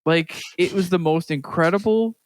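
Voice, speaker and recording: A man's voice: high voice, moderate pace, a little hiss or hum. A man from Canada, co-hosting a podcast, telling a story in casual chat, laughing often and acting out what others said. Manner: animated, laughs often, acts out quotes. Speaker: podcast co-host.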